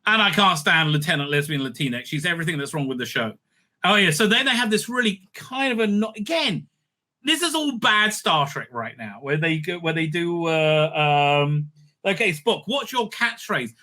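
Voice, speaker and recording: Bright, sarcastic ranting man. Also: a little high, normal speed. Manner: sarcastic, swearing, many fillers and restarts. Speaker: reviewer, channel host. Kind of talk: casual rant review.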